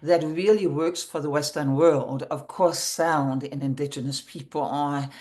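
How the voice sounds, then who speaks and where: A woman's voice: low voice, fairly even intonation, unhurried, mellow. Danish-accented woman speaking earnestly. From Denmark. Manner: earnest, spiritual wording, slightly non-native grammar. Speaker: founder of a voice method, guest. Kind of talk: interview answers.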